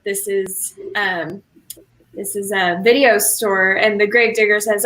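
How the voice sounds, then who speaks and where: Woman improviser, bright lively voice, giggly, video call mic. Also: on the high side, low-quality recording. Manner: playful, giggly, quick punchlines. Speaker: improv performer. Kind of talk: improvised joke telling.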